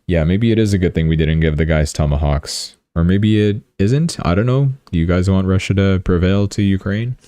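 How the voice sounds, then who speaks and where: A man with a low, mellow voice that is recorded dry and close. He comments on the news in a chatty, rambling way, breaking off into joking asides. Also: normal speed, few pauses, no echo. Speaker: livestream host.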